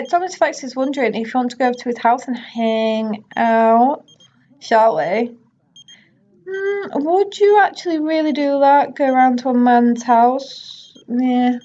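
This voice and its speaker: A woman's voice: a little high, darkish tone. A woman giving casual, chatty commentary while playing a life-simulation game and bossing her characters around. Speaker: gaming YouTuber. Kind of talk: casual let's play commentary. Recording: slightly muffled audio.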